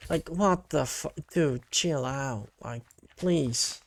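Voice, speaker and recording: A man's voice: fairly high pitch, slow, no echo, clean studio sound. A male VTuber chatting casually with his stream, laid-back and rambling, with casual swearing.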